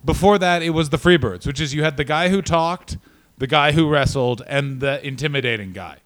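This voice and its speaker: Swearing podcast guy riffing on wrestling, kinda high voice, dry close sound. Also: fairly quick, fairly bright tone, dry recording. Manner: profane, riffing, breaks into silly mock accents. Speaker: podcast co-host. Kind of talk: casual comedic chat.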